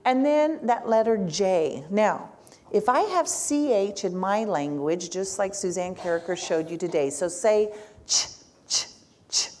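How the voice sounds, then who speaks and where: A woman's voice: medium pitch, expressive, measured pace, darkish tone. A woman speech-language pathologist, a native Spanish speaker, leading an interactive workshop and having the audience repeat sounds.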